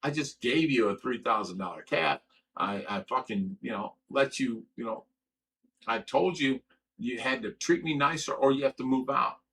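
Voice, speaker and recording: A middle-aged man with a gravelly, tense, forceful voice hosts a livestream. He reads viewers' comments aloud, then rants about them in a sore, profane way, repeating words as he stumbles along. A faint hiss of noise sits under his voice. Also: medium pitch, moderate pace, rough recording. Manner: aggrieved, profane ranting. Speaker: livestream host.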